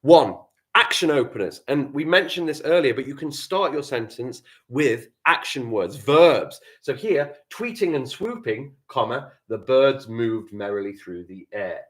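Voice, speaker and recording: A man's voice: mid-range voice, expressive, unhurried, hardly any pauses, a bit bright. A male primary school teacher, giving a live online writing lesson, reading example sentences aloud and explaining them step by step.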